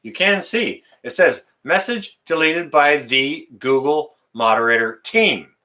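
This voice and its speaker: Animated, indignant man hosting a livestream. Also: on the high side, unhurried. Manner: animated, talks to chat viewers by name; indignant, rants and repeats phrases. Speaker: livestream host. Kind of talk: casual livestream chat.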